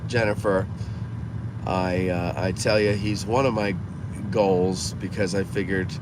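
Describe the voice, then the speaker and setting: Guy driving around chatting to his viewers, voice a bit low, loud car noise. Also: fairly even intonation, unhurried. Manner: chatty, reads viewer comments aloud and answers them. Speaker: host reading live chat. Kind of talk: casual live-stream chat while driving. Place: inside a car in town. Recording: clear traffic noise from a moving car. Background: car and street noise.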